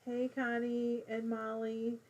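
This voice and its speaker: A woman's voice: on the high side, completely flat delivery, slow pace, a little mellow, lo-fi sound. A middle-aged woman hosting a casual live crafting stream from home, chatting while she knits and reading viewer comments aloud.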